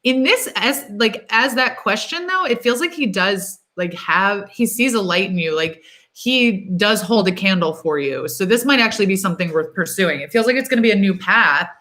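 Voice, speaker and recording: A young woman hosts a live tarot stream, talking through each card in a loose, thinking-aloud way. Her voice is bright and forward, upbeat and encouraging, full of little "um"s and "like"s. Her pitch sits in a middle range. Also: lively intonation. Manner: chatty, thinks aloud, fills pauses with "um" and "like". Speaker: tarot reader hosting a livestream. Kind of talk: casual live-stream chat.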